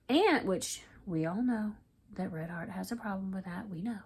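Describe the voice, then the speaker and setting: A chatty woman talking to camera about her craft projects. She rambles and jumps between thoughts, bubbling with excitement. Her pitch sits in an ordinary middle range. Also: moderate pace, creaky, breathy edge. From Florida, US. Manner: excitable, rambling, talks to viewers as y'all. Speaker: crochet vlogger. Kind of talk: casual chat to camera.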